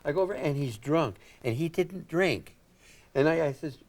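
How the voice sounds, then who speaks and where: Brief: older male comedian, rambling anecdotal storyteller, lightly high voice. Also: brisk, darkish tone. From Indiana, United States. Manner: rambling and chuckling, acts out quotes. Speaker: guest comedian. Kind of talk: anecdotal talk-show storytelling.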